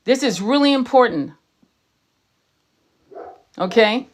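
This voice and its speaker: A woman's voice: a little high, lively intonation, slow. A woman who works as a psychic, giving a blunt, profane and impassioned talk to fellow healers. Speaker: psychic and tarot channel host. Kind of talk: impassioned spiritual monologue.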